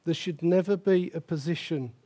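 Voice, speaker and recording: A man's voice: fairly high pitch, normal speed, dark tone. An older man preaching a sermon as pastor, emphatic and repeating key phrases for stress.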